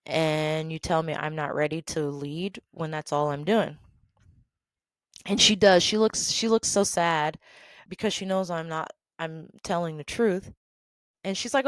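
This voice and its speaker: Animated, emphatic woman telling a story. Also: fairly low pitch, normal speed, dry recording. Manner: animated, emphatic, repeats phrases for effect. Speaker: vlog storyteller. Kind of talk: casual storytelling vlog.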